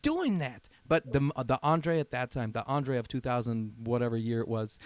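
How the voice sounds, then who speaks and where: A man's voice: mid-range voice, normal speed, no echo. A man in his thirties, a podcast guest, telling a rambling anecdote in casual chat and acting out the other people in it. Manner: animated anecdote-telling, acts out quoted voices.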